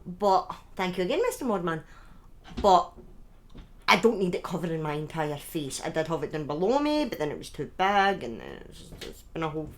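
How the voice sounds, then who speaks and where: A woman chatting casually to her viewers on a live stream from home, excitable and thanking people by name. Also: on the low side, normal speed, a little hiss or hum. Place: at home in front of a webcam.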